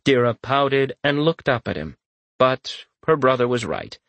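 Male narrator, mid pitch, dry studio sound, wry fantasy audiobook reading. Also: very animated, a little slow, fairly bright tone, dry recording, highs cut off.

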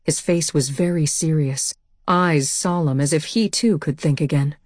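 A woman narrating a first-person audiobook in a steady, measured way on a close mic. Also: low voice, dry recording.

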